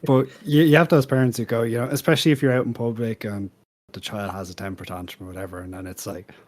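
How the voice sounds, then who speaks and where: Man, podcast chat, fairly low voice, dry wry humor. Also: fairly even intonation, quick pace. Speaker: podcast panelist. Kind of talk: casual chat.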